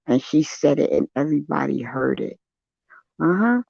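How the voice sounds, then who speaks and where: Gravelly older man, shaken and earnest. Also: on the high side, moderate pace, dry recording. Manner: earnest, shaken storytelling with soft affirming hums. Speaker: guest on a live stream. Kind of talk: casual chat, personal account. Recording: dull, lo-fi, dry sound.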